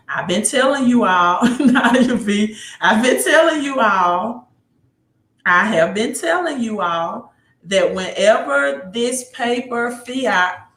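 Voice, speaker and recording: Excited Mississippi woman livestreaming. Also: mid-range voice. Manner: excited, repeats phrases, answers viewer comments. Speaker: livestream host. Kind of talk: casual livestream chat. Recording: roomy echo.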